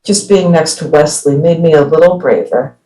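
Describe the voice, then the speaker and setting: A woman's voice: low-pitched, normal speed. Woman reading a picture book from afar. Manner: lively storytelling, voicing each animal. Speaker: children's book reader. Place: library. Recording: distant from the mic.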